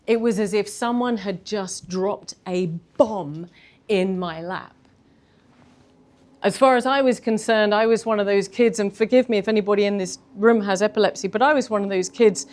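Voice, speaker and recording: A woman, telling a candid personal story in a talk, animated and self-deprecating. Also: medium pitch. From London. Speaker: speaker giving a talk.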